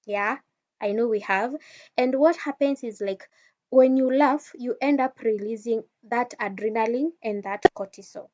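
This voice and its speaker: Woman, wellness speaker, informal teaching talk, slightly high voice, muffled lo-fi recording. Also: darkish tone. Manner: conversational, addresses listener directly, frequent restarts. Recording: dull lo-fi sound.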